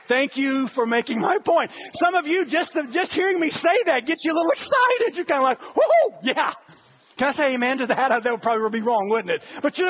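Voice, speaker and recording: A middle-aged man gives an animated, storytelling sermon, breaking into excited shouts. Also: very high-pitched, breathy edge, lo-fi sound. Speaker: pastor.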